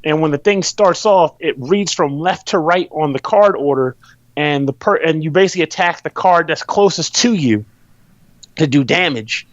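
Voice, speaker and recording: A man's voice: fairly high pitch, normal speed, dry recording, highs cut off. A man hosting a podcast, explaining a game in rambling, loose and profane casual chat. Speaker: podcast host reviewing a game.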